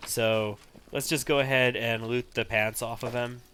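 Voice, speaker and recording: A man's voice: medium pitch, flat delivery, a little slow, fairly bright tone, a little hiss or hum. Man chatting over a video game. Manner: chatty, thinking aloud while playing. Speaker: let's-play host. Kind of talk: casual gameplay commentary.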